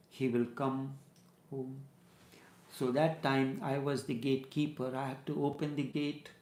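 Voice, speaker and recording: A man, a spiritual teacher giving a discourse full of stories, speaking in a measured way and repeating phrases for emphasis. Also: medium pitch, darkish tone. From Trinidad. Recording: roomy echo.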